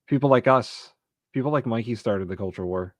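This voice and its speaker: A man's voice: medium pitch, brisk, no echo. A man co-hosting a political chat, explaining his points and repeating phrases for emphasis. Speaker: co-host.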